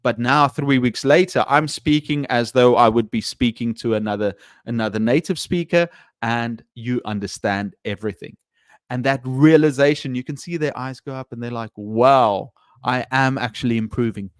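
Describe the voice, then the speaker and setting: A man's voice: medium pitch, moderate pace, smooth, no echo, clean studio sound. A man who teaches English, chatting casually on a live stream, often hesitant with fillers and restarts.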